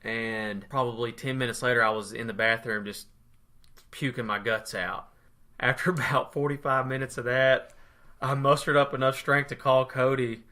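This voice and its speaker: Bright-voiced guy telling a story. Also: mid-range voice, steady tone, normal speed. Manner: laid-back, laughs through his story. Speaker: podcast co-host. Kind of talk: casual storytelling chat.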